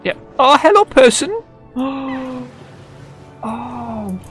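A young man playing through a game and talking over it in a goofy, excitable way, cursing and bantering with the characters on screen. His voice swings up and down constantly, and he stretches his words out at an unhurried pace. Soft game music hums underneath. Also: extremely high pitch. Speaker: gamer. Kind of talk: let's play commentary.

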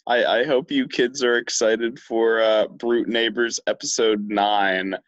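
A young man co-hosting a podcast in casual chat, talking in a slow, halting way with many restarts. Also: medium pitch, fairly even intonation, a bit bright, no echo, dull audio. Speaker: podcast co-host.

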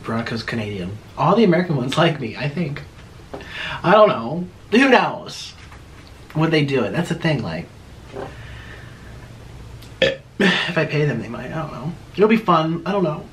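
A man's voice: a little high, very animated, moderate pace, long pauses, a little hiss or hum. A young man hosting an eating video, chatting and rambling casually with his mouth full. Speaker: mukbang host. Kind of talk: casual chat while eating.

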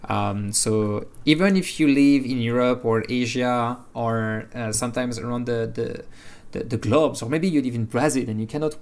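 A man's voice: mid-range voice, darkish tone. A man with a French accent hosting a live Q&A, talking casually with frequent hesitations. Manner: hesitant, many fillers and restarts. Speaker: host.

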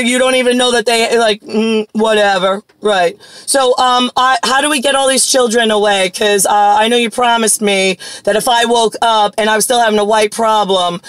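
A woman's voice: on the high side, no room sound, low-quality recording. A woman in her forties from Long Island, talking in a rambling, profane monologue full of "like" fillers. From Long Island, New York.

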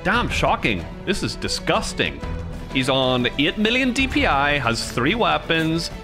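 A young man giving casual, excitable commentary over his own gameplay, laughing and swearing, sometimes slipping into mock sportscaster play-by-play. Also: a little high, unhurried, over music. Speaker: gaming YouTuber.

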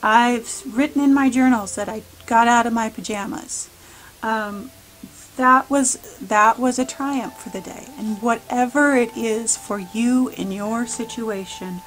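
A woman art vlogger talking casually and earnestly about her project, with many pauses and "um"s. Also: fairly high pitch, rough recording. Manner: warm, earnest, many "um"s, gets emotional. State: a little emotional. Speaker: mixed-media art vlogger. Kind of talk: casual art tutorial and heartfelt talk.

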